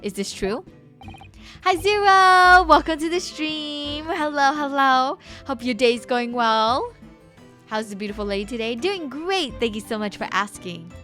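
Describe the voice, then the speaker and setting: A young woman streaming a game, chatting casually with viewers in an excitable, giggly way. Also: sits high, a little slow, faint music behind.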